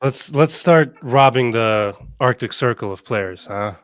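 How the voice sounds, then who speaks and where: A man hosting a casual football podcast, chatty and quick to joke. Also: medium pitch, clear, resonant tone, no echo. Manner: jokey and chatty. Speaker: podcast host.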